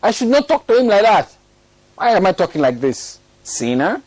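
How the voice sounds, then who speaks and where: A man's voice: sits high, very animated, brisk, a little mellow, no echo. A man preaching a sermon, telling a story and breaking into laughter at it now and then. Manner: storytelling, laughs often at his own story.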